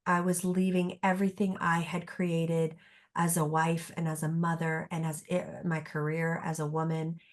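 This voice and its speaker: A woman's voice: deep voice, flat delivery, moderate pace. A middle-aged woman therapist speaking as a podcast guest, reflective and earnest, often restarting her sentences. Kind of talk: podcast conversation.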